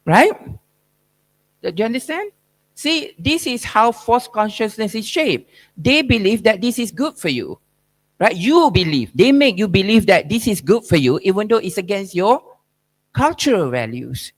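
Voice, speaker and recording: Lecturing as a keynote speaker, this man probes and emphasizes, leaning on rhetorical questions and tacking on "right?". His high-sitting voice has a sing-song quality and moves a little slowly.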